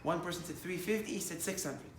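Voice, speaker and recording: Animated preaching man in an echoey room. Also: high-pitched, quick pace, a little hiss or hum. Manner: animated, rising to loud emphatic bursts, many restarts. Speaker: rabbi. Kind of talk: sermon with storytelling.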